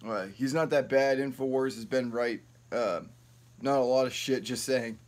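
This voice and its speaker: A man's voice: medium pitch, fairly even intonation, moderate pace. Profane rambling young man vlogging. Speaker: YouTube vlogger. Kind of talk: casual storytelling to camera. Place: at home, no ring light set up. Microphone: built-in camera mic, no external mic.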